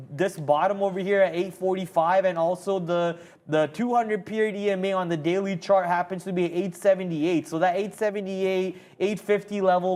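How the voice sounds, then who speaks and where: High-voiced upbeat trading-show host. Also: male voice, a little mellow. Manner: upbeat, playful, chatty. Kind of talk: live market commentary. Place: trading-floor TV studio.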